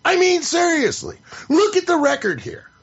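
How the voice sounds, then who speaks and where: A man delivers an exasperated podcast rant, full of sarcasm and profanity. His voice sits high and swings widely in pitch. The recording is somewhat muffled and lo-fi. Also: huge pitch swings, moderate pace. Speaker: podcast host. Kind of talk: opinion commentary rant. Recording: slightly muffled lo-fi audio.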